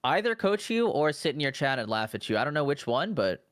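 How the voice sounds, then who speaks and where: A man's voice: fairly high pitch, very animated, brisk, a bit bright, no echo, clean studio sound. A man hosting a podcast, reacting to his guest in a laid-back, slangy, casual way. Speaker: podcast host. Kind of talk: casual conversation.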